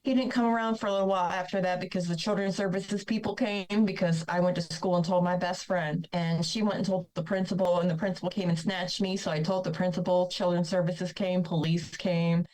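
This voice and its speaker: A woman's voice: lowish voice, steady tone, brisk, few pauses, darkish tone, rough recording. Candid woman telling a painful story. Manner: candid, blunt and emotional. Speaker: guest. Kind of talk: personal storytelling.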